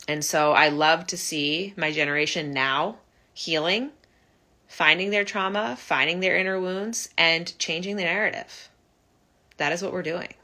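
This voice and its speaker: Brief: young woman, low pitch, bright forward tone, earnest personal vlog confession with halting restarts. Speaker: vlogger sharing her recovery story. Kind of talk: personal reflective monologue.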